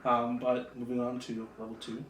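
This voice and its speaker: Young male podcast host, upbeat and animated; distant, roomy camera-mic audio. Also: mid-range voice, moderate pace, slight background noise. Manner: upbeat, laughing, animated storytelling. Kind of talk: casual chat. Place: podcast studio room.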